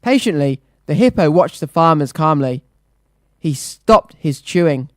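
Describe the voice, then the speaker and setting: A lively storybook reader on radio. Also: medium pitch, unhurried, dry recording. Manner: lively storybook reading, rhythmic lists. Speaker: children's radio presenter. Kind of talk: reading a picture book aloud.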